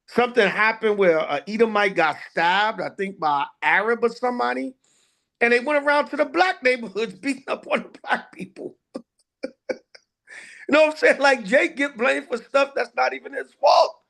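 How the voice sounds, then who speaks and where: Gravelly high-voiced man telling stories. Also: normal speed, pushed and bright. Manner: storytelling with many fillers and quoted dialogue. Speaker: elder teaching a class. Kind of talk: casual class discussion.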